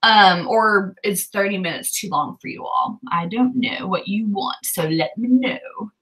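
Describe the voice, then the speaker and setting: A woman's voice: medium pitch, unhurried, fairly bright tone, poor audio. A woman with a Southern US accent hosting a writing livestream, chatting casually and thinking aloud with lots of fillers.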